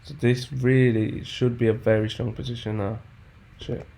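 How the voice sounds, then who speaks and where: A man's voice: mid-range voice, little pitch movement, normal speed, creaky, warm tone. A man who thinks aloud while he trades. He talks to himself, sounds frustrated and swears often. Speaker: trader backtesting charts. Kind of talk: muttering commentary to himself.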